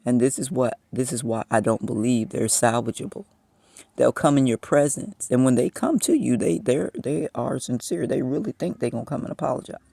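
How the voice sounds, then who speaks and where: A man's voice: medium pitch, moderate pace, creaky, warm tone, no room sound. A man in his fifties talking to the camera in a personal monologue, venting his frustration as he tells a story. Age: 50s.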